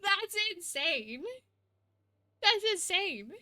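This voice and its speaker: A young woman streaming a game, chatting excitably with her viewers and laughing often. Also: high voice, takes it slowly, dry recording, studio quality. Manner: excitable, giggly, chatty with chat. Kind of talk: casual gaming live-stream chat.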